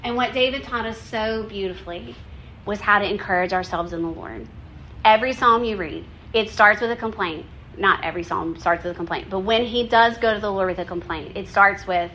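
A woman with a bright, clear-edged voice gives a heartfelt devotional talk. She speaks in an earnest, conversational way, often falling back on "like" and "you know". Her voice rings a little in a roomy space over faint background ambience. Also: mid-range voice, normal speed, a little hiss or hum. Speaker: women's Bible teacher.

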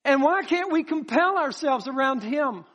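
High-voiced pastor preaching. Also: male voice, moderate pace, highs cut off. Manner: animated, folksy, with rhetorical questions and acted-out voices. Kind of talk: sermon.

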